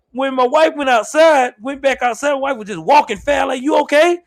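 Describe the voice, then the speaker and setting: Laughing, animated young man telling stories. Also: very high-pitched, brisk, hardly any pauses, dry recording. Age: young adult. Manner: laughs often, animated, swears freely. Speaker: show host. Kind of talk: casual storytelling livestream.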